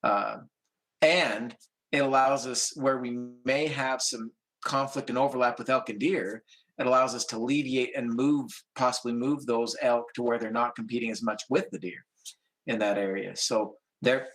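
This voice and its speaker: A man from a wildlife agency answering questions at a public meeting in a measured, explanatory way with frequent restarts. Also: medium pitch, fairly even intonation, a bit bright, rough recording.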